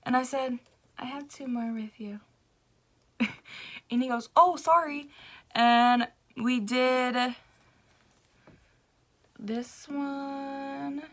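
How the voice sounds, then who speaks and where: A young woman vlogger, casually telling a story to camera in a gushing, excitable way, laughing and breaking off mid-sentence. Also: high voice, very slow, long pauses.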